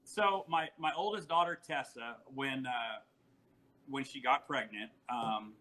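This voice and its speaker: Bright-voiced man telling family stories. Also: mid-range voice, unhurried, rough recording. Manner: storytelling, animated, laughs often. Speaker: podcast guest. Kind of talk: casual podcast chat.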